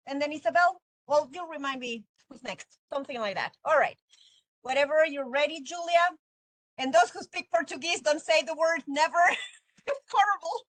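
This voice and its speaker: High-voiced teacher, chatty. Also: female voice, fairly bright tone, no echo, rough recording. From Mexico. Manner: chatty, laughs often, storytelling. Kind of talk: online class, casual lecturing. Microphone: video call.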